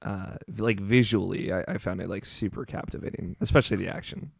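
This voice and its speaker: A man hosting a podcast, chatting in a relaxed, agreeable way about a movie. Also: sits low, brisk, gravelly, slightly rough, no echo, studio quality. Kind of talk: casual chat.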